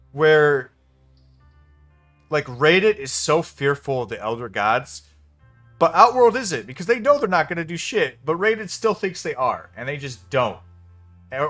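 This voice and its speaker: A man's voice: a little high, fairly bright tone. A man giving a casual spoken film review, venting in an exasperated, profane way. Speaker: movie reviewer.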